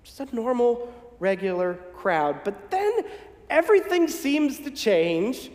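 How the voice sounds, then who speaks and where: Very animated and speaking slowly, a northern US pastor whose voice sits fairly high for a man preaches a folksy sermon with gentle humor and a conversational manner. The echoey sanctuary leaves a long, roomy reverb tail.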